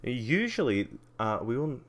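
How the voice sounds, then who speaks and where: A man's voice: medium pitch, very animated, unhurried, fairly bright tone. A man giving a casual live-stream tour, rambling with lots of ums and uhs and wry asides. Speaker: livestreamer.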